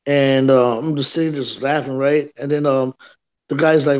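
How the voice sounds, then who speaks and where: A man's voice: mid-range voice, steady tone, moderate pace, a little mellow. A man hosting a livestream who tells a story in casual chat, acting out quotes and saying "right?" and "bro" often. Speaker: livestream host.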